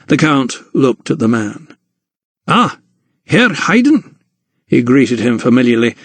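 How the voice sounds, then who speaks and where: Male narrator, measured reading of a historical mystery, mid pitch, dry close sound. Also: no room sound. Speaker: audiobook narrator. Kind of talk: scripted narration.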